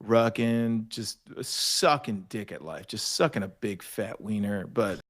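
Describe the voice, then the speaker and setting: Casting: young adult man, low-ish voice, profane animated storyteller, casual podcast guest. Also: measured pace. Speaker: podcast guest, army veteran.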